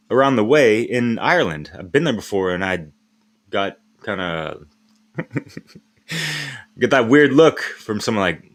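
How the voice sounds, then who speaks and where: A man's voice: medium pitch, a bit bright. A man hosting his own live stream in a casual, rambling way, using street slang and laughing often as he talks.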